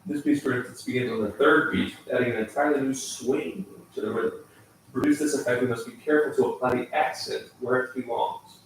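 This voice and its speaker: A man's voice: mid-range voice, fairly even intonation, brisk, slight background noise. Sarcastic man in an echoey room. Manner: sarcastic, joking asides. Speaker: vlogger learning piano. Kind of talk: casual vlog, reading lesson text aloud with asides. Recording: echoey room, mic far off, piano in background.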